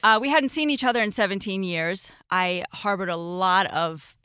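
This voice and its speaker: A woman's voice: medium pitch, normal speed, bright, forceful tone, clear, resonant tone, no echo, studio quality. A woman in her forties, a podcast guest telling stories in casual chat, emotional and laughing often.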